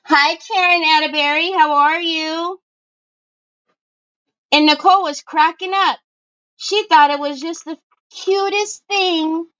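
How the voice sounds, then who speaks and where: Chatty woman doing a craft livestream, high voice, slow easygoing talk, bit muffled audio. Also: steady tone, sharp tone. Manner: chatty, breaks off to call to family. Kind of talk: casual crafting livestream chat.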